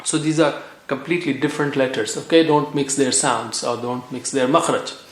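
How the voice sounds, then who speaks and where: A man's voice: mid-range voice, steady tone. Patient man drilling sounds in an echoey room. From South Asia. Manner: patient, repeats each sound slowly for drilling. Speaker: Quran reading teacher. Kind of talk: recorded language lesson.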